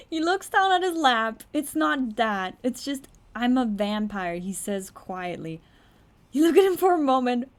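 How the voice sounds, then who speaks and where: A young woman streams a text adventure in a casual commentary style, reading the story lines aloud at speed. She keeps cutting in with blunt, incredulous remarks and the occasional swear. Her voice sits slightly high for a woman, with a noticeable gravelly fry.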